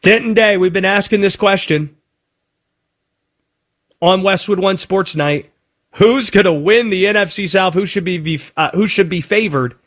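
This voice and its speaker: A man hosting sports talk radio with an energetic, emphatic delivery. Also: sits high, moderate pace.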